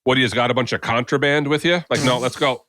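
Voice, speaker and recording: A Canadian man co-hosting a podcast, talking through travel stories in a relaxed, chatty way. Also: medium pitch, rapid-fire, a little hiss or hum. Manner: relaxed anecdotal travel talk. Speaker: podcast co-host. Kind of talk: casual chat.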